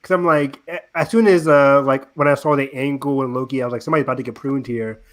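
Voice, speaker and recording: A man's voice: medium pitch, fairly even intonation, fast. A man co-hosting a casual podcast chat, jokey and laughing often. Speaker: podcast co-host.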